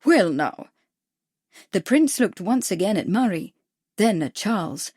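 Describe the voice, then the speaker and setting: A woman reads a period mystery novel aloud in a measured, steady storytelling manner. Her voice sits at a middle pitch, and the recording is close and dry. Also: slightly rough, no echo. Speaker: audiobook narrator. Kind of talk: scripted narration.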